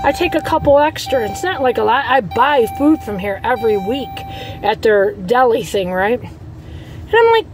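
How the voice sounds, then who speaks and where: A woman vents to her viewers in a casual vlog, blunt and fired up, with swearing slipping in. Her voice sits a little high. A faint noise runs under the recording, as if she is talking from a car. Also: very animated, normal speed, poor audio. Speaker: vlogger.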